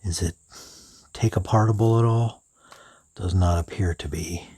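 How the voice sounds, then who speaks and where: A man with a very low, husky voice talks through a product review, musing aloud at an unhurried pace and slipping into soft whispered asides. The sound is close and dry, with no room around it. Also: no echo. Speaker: pen reviewer.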